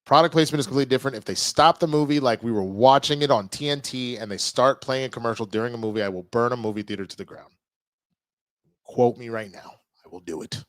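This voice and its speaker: A man streaming live, chatting casually with his viewers, reading their messages and reacting loudly to clips. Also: mid-range voice, fast, hardly any pauses, no echo. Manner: animated, reacts loudly to clips and reads chat.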